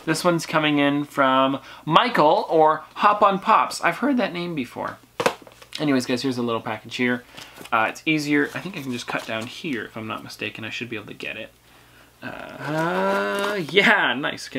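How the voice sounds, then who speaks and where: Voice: mid-range voice, lively intonation, normal speed, vocal fry, background noise. A teenage YouTube host chatting casually while reading viewers' letters aloud, upbeat and talkative. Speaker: YouTube collector channel host. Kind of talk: casual mail-opening vlog.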